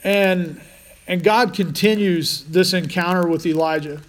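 A man's voice: sits high, a little slow. A man preaching a conversational sermon as pastor, restarting phrases often.

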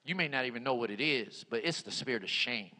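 A man preaching a sermon, repeating his phrases and swinging between loud emphatic lines and hushed ones. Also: mid-range voice, expressive, fast. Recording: long hall reverb.

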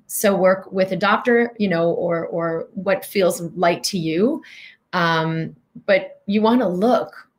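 A middle-aged woman giving an earnest, reflective talk as a wellness coach, guiding listeners with questions. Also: fairly low pitch.

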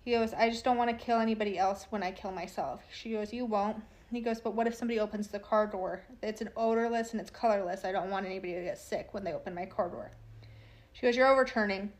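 A woman recounting a true crime case by reading an exchange of texts aloud. Her pitch sits in the middle for a woman, and she keeps her delivery plain and matter-of-fact, breaking in with casual asides between messages. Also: steady tone, quick pace.

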